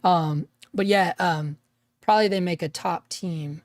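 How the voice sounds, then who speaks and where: A man hosting a casual livestream, rambling with restarts and dropping "man" and "dude", his voice gravelly after an illness. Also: sits high, fairly even intonation, measured pace, no echo, studio quality. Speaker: livestream host and freelance videographer.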